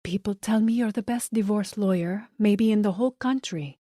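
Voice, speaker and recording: A woman's voice: medium pitch, moderate pace, dark tone, no room sound, clean studio sound, natural voice. A woman voicing a glamorous female client who speaks with a thick Colombian accent, earnest and pleading.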